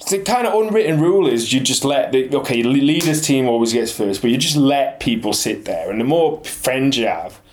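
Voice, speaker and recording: A man with a Manx accent chats casually as a guest on a call, speaking briskly at medium pitch with hardly any pauses. He tells stories animatedly and swears a lot, and there's a little hiss or hum on the line.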